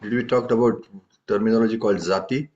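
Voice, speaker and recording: A man teaches tabla in a low voice. He explains patiently and keeps checking in with his students. The audio is dull and lo-fi. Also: fairly even intonation, quick pace, darkish tone. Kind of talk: live music lesson.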